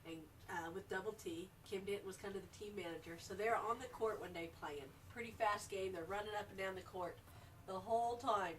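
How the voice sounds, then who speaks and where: A woman's voice: medium pitch, fairly quick. A middle-aged woman fondly telling stories about her son as a small child, amused. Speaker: mother telling family stories. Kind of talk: casual storytelling to camera. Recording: distant home camera mic with faint hiss.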